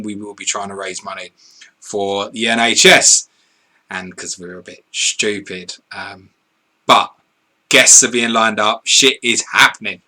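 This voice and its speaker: Co-hosting a live stream, a man reads out viewer questions and answers in blunt, sweary, casual chat, laughing easily. His voice is lowish, pushed and bright.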